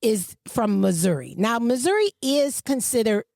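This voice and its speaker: A woman, co-hosting a podcast in casual chat and telling stories with swooping pitch. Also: normal speed, creaky, no room sound, studio quality. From Michigan. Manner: animated storyteller, swooping pitch. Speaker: podcast co-host.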